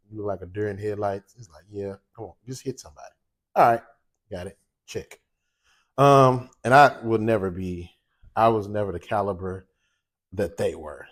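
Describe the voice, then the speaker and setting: Laid-back storytelling man, lower voice. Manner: animated, laughing, voices quoted people. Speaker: cooking show host. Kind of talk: casual storytelling.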